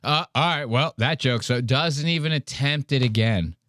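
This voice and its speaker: A man's voice: mid-range voice, moderate pace, a bit bright, dry recording. Podcast host reacting to a clip: a blunt, mocking man with a mid-range voice, recorded close-miked and dry.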